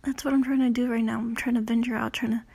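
Young woman, late teens, podcast host, breathy husky voice, dark mellow tone, rambling, self-conscious, swearing, casual solo talk. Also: on the high side, flat delivery, quick pace. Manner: frequent "you know" and "I don't know".

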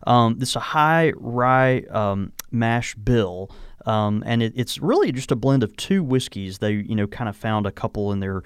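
A man's voice: medium pitch, animated, measured pace, clear, resonant tone, dry recording. A man hosting a casual podcast chat, talking in an easygoing way while tasting and reviewing whiskey in a small home studio. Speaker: podcast host.

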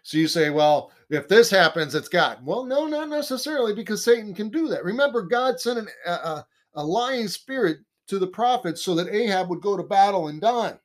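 An earnest man gives a conversational Bible lesson, his voice sitting a little higher than most men's. He leans on repetition to drive points home. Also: expressive, a little fast, few pauses. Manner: earnest, emphatic, repeats key phrases. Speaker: Bible teacher.

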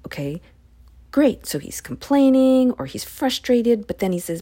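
A woman reading scripture aloud and explaining it in a casual, expressive way, sometimes dropping into a hushed whisper. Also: medium pitch, normal speed, breathy edge. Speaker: Bible study podcaster. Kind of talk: casual Bible reading with commentary.

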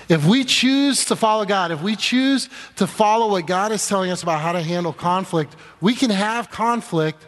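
A man's voice: high voice, a little hiss or hum. A man preaching a sermon to a congregation, telling a funny personal story and acting out the dialogue in voices. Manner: animated, acts out dialogue in quoted voices. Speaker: pastor. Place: church sanctuary before a congregation. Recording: long echoing reverb of a large hall.

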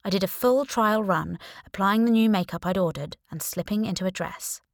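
A woman narrating a first-person audiobook in a wry, lively storytelling manner, close to the mic. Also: medium pitch, moderate pace, dry recording.

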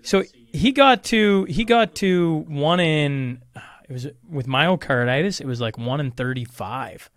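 A man's voice: on the high side, lively intonation, measured pace, no echo. Rambling chatty male podcast host. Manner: rambling, self-deprecating, addresses listeners as folks. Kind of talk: casual conversational interview.

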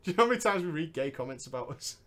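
A man's voice: fairly high pitch, very animated, racing, a bit bright. A man in his thirties chatting casually as a podcast co-host, laughing often and teasing. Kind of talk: casual chat.

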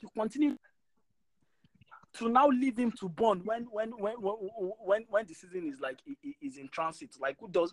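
A man's voice: high voice, no room sound, poor audio. A man, ranting passionately in a casual podcast chat and stumbling over repeated words when worked up. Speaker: podcast co-host.

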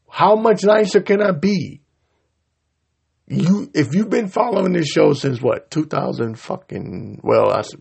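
Podcast host, male, husky voice, furious cursing rant, lively pitch. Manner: angry, profane and heated, talking over himself. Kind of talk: ranting solo podcast.

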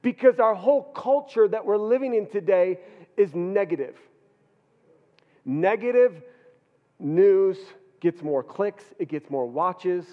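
A man's voice: high voice, animated, slow pace. A male pastor preaching a sermon, earnest, often repeating words as he builds his point. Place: church hall. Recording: dull reverberant church hall.

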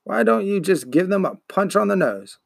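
A man voicing a gruff, grumbling old male bookseller who smokes a pipe and dislikes children, speaking in a slow, disdainful growl. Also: high voice, expressive, no echo, clean studio sound, voice pushed up, exaggerated voice. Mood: interrogating.

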